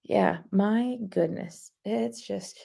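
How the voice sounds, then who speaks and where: A woman's voice: mid-range voice, very slow, vocal fry, warm tone. A woman hosting a casual live stream, rambling chattily and answering viewer comments as she talks.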